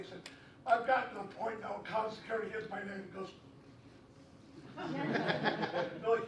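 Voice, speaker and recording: A man doing open-mic stand-up at a convention, telling a rambling story with loud shouted punchlines. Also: high voice, measured pace, pauses often, slight background noise. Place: convention panel room. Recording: echoey room, mic from far off.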